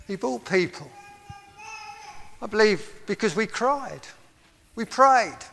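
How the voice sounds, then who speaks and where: Pastor guy preaching, fairly high voice, lots of reverb from the church hall. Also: vocal fry, bright, forceful tone, a little hiss or hum. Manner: impassioned preaching, laughs between points. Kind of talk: sermon.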